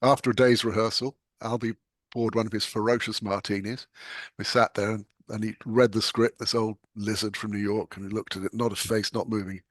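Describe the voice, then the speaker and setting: Recorded dry in studio quality, an older British novelist speaks a little fast in a fairly low voice. As an interview guest, he shares anecdotes conversationally, telling them with animation and frequent laughter.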